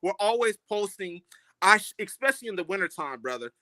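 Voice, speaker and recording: Bright, fired-up man, dry sound. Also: high voice, very animated, brisk, no echo, poor audio. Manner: fired up, addresses his partner as brother. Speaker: co-host. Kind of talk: casual discussion broadcast.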